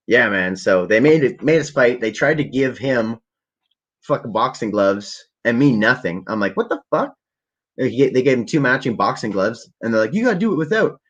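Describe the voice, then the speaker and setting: A man's voice: lowish voice, dull audio. A man telling a rambling, profane story in a laid-back, casual way to a livestream audience. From Canada. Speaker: vlogger.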